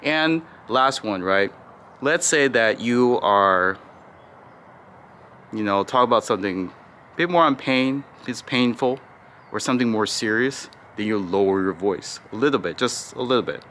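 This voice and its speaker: A man teaching phone sales technique in a casual tutorial, talking in a mostly flat, unhurried tone and peppering his points with "right?" and "you know". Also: mid-range voice, a little hiss or hum. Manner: calls his own default voice flat and slow, demonstrates tones. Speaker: sales coach.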